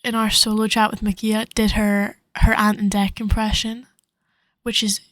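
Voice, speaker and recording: A woman's voice: mid-range voice, little pitch movement, normal speed, poor audio. A teenage girl co-hosting a casual chat, laughing as she tells stories in an easygoing way. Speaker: co-host.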